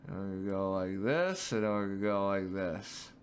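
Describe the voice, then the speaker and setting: A man's voice: low-pitched, moderate pace, slight background noise. A young man giving casual, rambling reaction commentary on animal clips as a streamer, laughing often.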